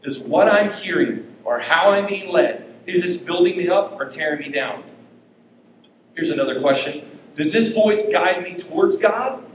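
A man preaching a sermon as pastor, emphatic, with his pitch rising and falling. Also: lively intonation, moderate pace, a little hiss or hum. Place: church sanctuary. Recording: echoey church hall.

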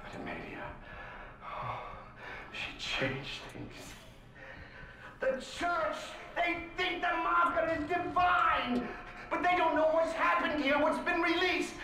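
An actor voicing a haunted, guilt-ridden male scientist in a video game, urgent and pleading, swinging between hushed and loud. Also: very high voice, very animated, takes it slowly, exaggerated voice. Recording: roomy game audio.

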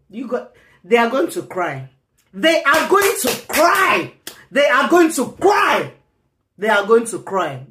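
A woman in an angry vlog rant to her camera, repeating herself, swinging from low mutters to tearful shouts. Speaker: vlogger.

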